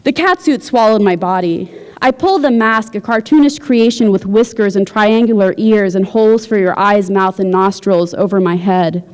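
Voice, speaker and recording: A woman, a visiting writer, reading her fiction aloud at a university event in a steady, measured way. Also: medium pitch. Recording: long hall reverb.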